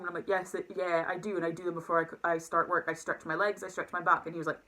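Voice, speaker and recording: Young woman vlogger, low bright voice, rushed confessional rambling. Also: steady tone, poor audio. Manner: rambling, emotional, full of fillers and restarts. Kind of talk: casual confessional talk to camera.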